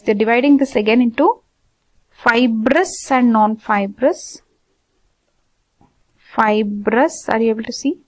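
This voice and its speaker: A woman teaching anatomy in an informal lecture, repeating terms slowly and asking her students questions. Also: a little high.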